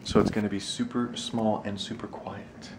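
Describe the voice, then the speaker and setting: A man's voice: level tone, moderate pace, a little hiss or hum. A man talking casually and rambling in a vlog at home, joking as he goes. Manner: rambling and jokey, slipping into a high baby-talk voice for his dog. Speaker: vlogger.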